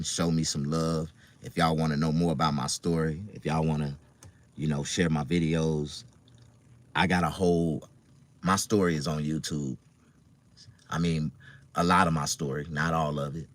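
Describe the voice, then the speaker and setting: Deep-voiced Southern man telling his story. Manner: loose, profane, conversational with many fillers. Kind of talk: casual livestream storytelling.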